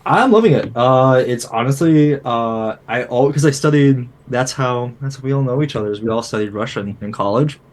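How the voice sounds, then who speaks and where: Man in his twenties, podcast guest, chatty, easy laughs, mid-pitched voice. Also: moderate pace, few pauses. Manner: chatty, laughs between phrases. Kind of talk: casual podcast chat. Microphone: home computer mic on a video call.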